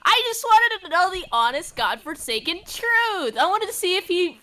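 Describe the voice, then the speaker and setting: A woman's voice: very high-pitched, very animated, moderate pace, sharp tone, pitched above the performer's own voice, full character voice. A woman voicing a shameless, lewd older mother with a Boston accent on a prank call, teasing and drawn out. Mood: brazen teasing. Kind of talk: prank call role-play.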